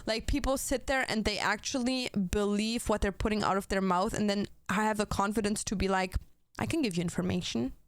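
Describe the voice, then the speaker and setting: Smooth-voiced young woman streamer venting. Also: mid-range voice, fairly even intonation, brisk, hardly any pauses, no room sound. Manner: blunt and heated, swears often, talks straight to chat. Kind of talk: casual stream chat.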